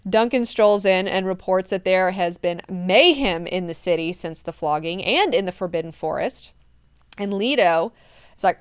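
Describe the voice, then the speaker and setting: A chatty woman hosts a book club and recaps chapters with irreverent, profane humor. Her voice is smooth and clear, recorded close and dry with no room sound. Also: on the low side, measured pace, no echo. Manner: chatty, irreverent, swears often.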